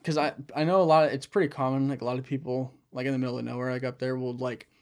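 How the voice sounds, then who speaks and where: A man's voice: medium pitch, flat delivery, rapid-fire. A young man chatting casually on a podcast, rambling and filling his talk with "like". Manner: rambling, heavy use of "like". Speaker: podcast co-host. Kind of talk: casual chat.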